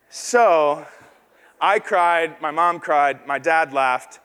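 A man preaches in a large hall, and his high, bright voice rings out into a long reverb. He tells a story that pokes fun at himself and puts on the voices of the people in it. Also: slow pace. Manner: self-deprecating storytelling, acts out quoted voices. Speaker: pastor. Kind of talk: sermon with personal story.

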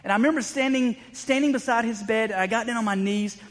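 High-voiced preacher man in a reverberant hall. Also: fast. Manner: conversational storytelling preacher, many restarts. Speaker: pastor. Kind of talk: sermon.

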